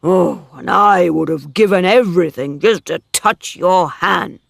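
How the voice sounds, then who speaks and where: A wounded, jealous farmer, read by a man. His voice is gravelly and slow, pressing each line with force. The recording is close and dry. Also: sits high, no room sound, heavily acted. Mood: bitter. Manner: forceful, anguished. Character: wounded older male farmer, jealous and intense. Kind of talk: dramatic story reading.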